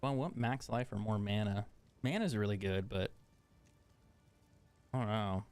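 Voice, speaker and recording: A man's voice: lowish voice, measured pace, a little mellow, smooth. A man streaming a video game, chatting casually, swearing often and laughing at himself. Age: adult. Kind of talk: casual chat while gaming.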